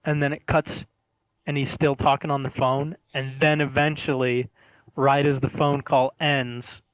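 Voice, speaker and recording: A man's voice: medium pitch, flat delivery, a little slow, clear, resonant tone, dry recording. A man co-hosting a casual film review, retelling scenes and laughing often as he talks.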